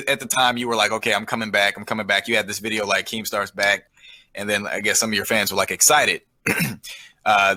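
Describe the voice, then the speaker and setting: A man with a low, bright voice tells a rambling story over voice chat. He swears freely and keeps restarting his sentences, circling back before he gets to the point. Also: low-quality recording. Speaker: guest. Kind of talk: casual chat.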